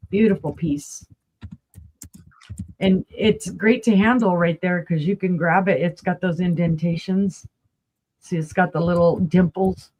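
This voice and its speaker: A woman's voice: fairly low pitch, steady tone, a little slow, darkish tone. A woman from New Mexico with a New Mexico accent, chatting casually as a guest seller on a live auction stream and describing glassware in close detail. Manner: chatty, folksy, describes items closely to viewers. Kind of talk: casual live-sale chat.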